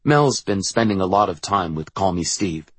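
A man narrating a first-person novel in a quiet, measured way. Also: low voice, animated, husky, dry recording. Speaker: audiobook narrator.

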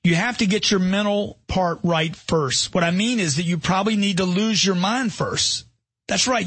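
A man's voice: sits high, fairly bright tone, slightly rough, dry recording. A middle-aged man giving motivational narration as a self-help author, emphatic and punchy, firing off rhetorical questions.

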